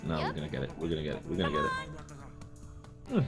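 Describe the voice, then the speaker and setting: A man's voice: extremely low pitch, rapid-fire, loud music behind the voice. A man in his thirties, a gaming channel host, rambling through chatty anecdotes while playing, slightly sick. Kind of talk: casual let's play commentary.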